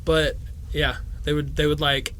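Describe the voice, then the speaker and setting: A man's voice: a little high, flat delivery, measured pace, fairly bright tone. A man in his twenties co-hosting a comedy podcast, chatting loosely with self-deprecating humor and plenty of swearing. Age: 20s. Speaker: podcast co-host. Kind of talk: casual comedic chat.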